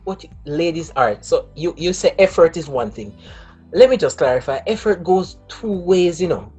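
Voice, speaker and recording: A man's voice: on the high side, expressive, normal speed, mellow, slightly rough, soft background music. A man co-hosting a casual panel discussion, explaining his view in an earnest, good-humored way. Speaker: co-host.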